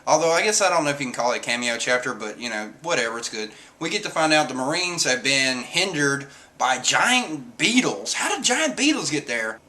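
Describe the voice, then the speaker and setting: A man giving a casual spoken manga review, excitable and jumping into high voices for the characters. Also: fairly quick, few pauses.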